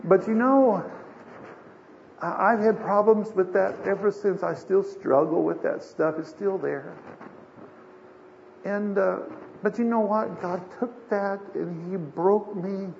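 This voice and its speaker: An older man preaching in a gravelly, somewhat high voice, telling stories in a folksy way and rising into emphatic swells. The recording is dull and lo-fi, with a faint hiss behind him. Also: slow pace, darkish tone. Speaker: pastor. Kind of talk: sermon.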